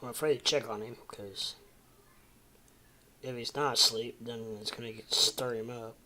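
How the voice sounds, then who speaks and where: A man's voice: medium pitch, fairly even intonation, normal speed, pushed and bright. A man in his forties from the Midwest, rambling casually at home as host of a livestream and answering chat. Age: 40s.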